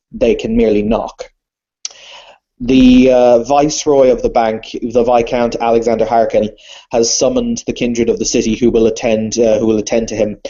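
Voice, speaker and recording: A man's voice: on the low side, warm tone, lo-fi sound. A man narrating as game master of a tabletop role-playing game, describing scenes theatrically and often correcting himself.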